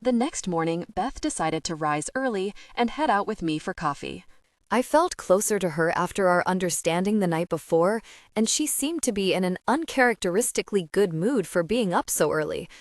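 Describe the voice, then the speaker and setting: Expressive woman narrating an audiobook. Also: medium pitch, no echo, clean studio sound. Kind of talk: scripted first-person audiobook narration.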